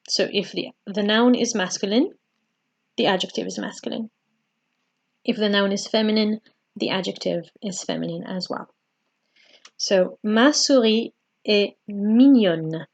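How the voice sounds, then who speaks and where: A patient woman teaches a relaxed home-study lesson at a steady middle pitch. She talks things through with gentle fillers and stops to repeat each phrase slowly. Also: highs cut off. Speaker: French teacher. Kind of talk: home-learning language lesson.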